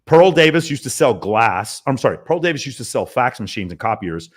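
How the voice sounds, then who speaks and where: A man talking as a podcast guest about his sales team, in an emphatic, profane, rapid-fire way. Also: lowish voice, animated, husky. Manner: emphatic, profane, talks in long runs. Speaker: podcast guest, mentoring business owner. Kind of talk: casual podcast interview.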